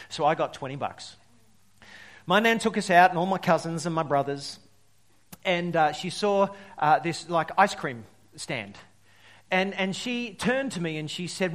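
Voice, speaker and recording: A male pastor preaching a sermon, telling stories and swinging between loud emphasis and quiet drops. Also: sits high, moderate pace. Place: church service.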